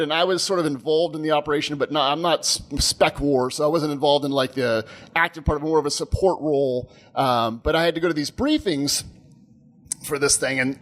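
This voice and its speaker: Chatty, rambling man telling a story. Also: a little high. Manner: animated, rambling, laughs often. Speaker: podcast co-host. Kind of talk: casual storytelling chat.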